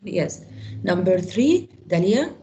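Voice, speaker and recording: Slow, gravelly teacher woman, lively pitch. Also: a little hiss or hum. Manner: slow, example-driven explaining, quick questions to students. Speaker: English grammar teacher. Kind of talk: online class teaching.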